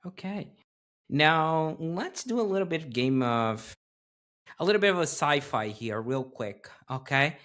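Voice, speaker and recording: A man's voice: on the high side, animated, a little slow, a bit bright. A man hosting a podcast interview, chatting casually and joking playfully with his guest. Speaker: podcast host.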